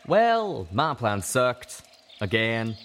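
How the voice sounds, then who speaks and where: A man's voice: mid-range voice, very animated, very slow, a bit bright, a little hiss or hum, full character voice. A man voicing a flippant, wisecracking young male pegasus in a storybook reading. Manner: offhand, wisecracking.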